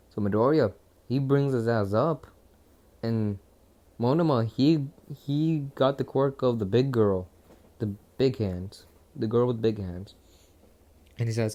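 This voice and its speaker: A man's voice: mid-range voice, expressive, a little slow, mellow. A young man casually retelling a fan story, rambling, profane and cutting himself off. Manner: profane, rambling, self-interrupting.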